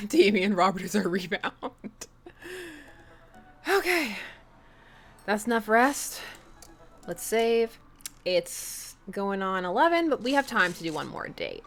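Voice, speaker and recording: A woman's voice: medium pitch, very animated, takes it slowly, pauses often, a bit bright, soft background music. A young woman streaming a dating game, reading it aloud and chatting playfully with her viewers, laughing often.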